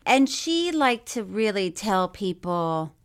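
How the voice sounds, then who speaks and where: A woman's voice: medium pitch, very animated, takes it slowly, clear, resonant tone. A woman co-hosting a casual podcast chat, laughing often and acting out quotes. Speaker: podcast co-host.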